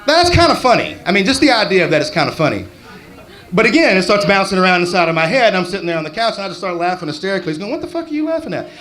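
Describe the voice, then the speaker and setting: A man's voice: high voice, expressive, racing, sharp tone. Profane man doing stand-up. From Texas. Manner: profane, rambling, conversational. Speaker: stand-up comedian. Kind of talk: open-mic stand-up. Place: comedy club stage.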